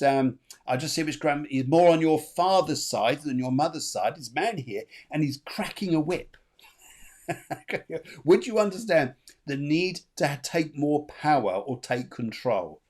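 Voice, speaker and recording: A man's voice: on the high side, darkish tone. A man, hosting a live spiritual reading, talking in a chatty, repetitive way and laughing often. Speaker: medium, show host.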